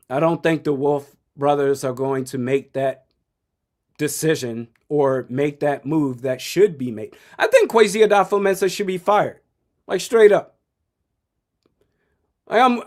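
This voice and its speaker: A young man in his twenties commenting live on a football game, blunt and opinionated, chuckling often. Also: on the high side. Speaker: sports streamer.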